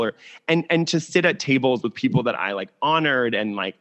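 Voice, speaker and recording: A man's voice: mid-range voice, a little fast, muffled recording. A young adult man as a podcast guest on a video call, chatting candidly and animatedly with lots of "like". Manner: animated, candid, heavy use of "like". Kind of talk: casual interview chat.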